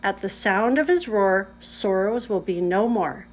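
A woman's voice: medium pitch, a little slow, a little hiss or hum, lightly acted. A woman reading aloud, voicing a gloomy, homely male beaver with a rustic, earnest way of talking. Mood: confident.

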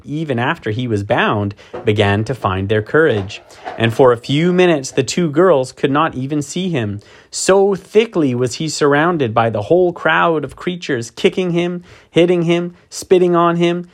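A man narrating a children's fantasy audiobook in an expressive, dramatic way, leaning on vivid emphasis. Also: lowish voice.

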